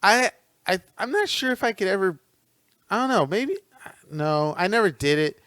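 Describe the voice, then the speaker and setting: A man's voice: high-pitched, lively intonation, normal speed, a bit bright, clear, resonant tone, dry recording, studio quality. A man co-hosting a podcast in casual banter, joking and laughing often mid-sentence, recorded at a friend's house. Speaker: podcast co-host.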